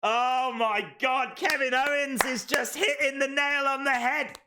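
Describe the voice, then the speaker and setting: A man hosting a live watch-along stream, reacting excitedly and calling out the moves as they happen. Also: very high voice, a little slow, noisy background.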